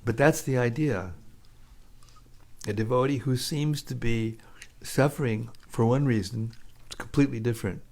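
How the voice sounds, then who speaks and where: A man's voice: medium pitch, moderate pace, long pauses, a little mellow. A man giving an informal scripture talk, storytelling casually and chuckling often. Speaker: scripture class speaker.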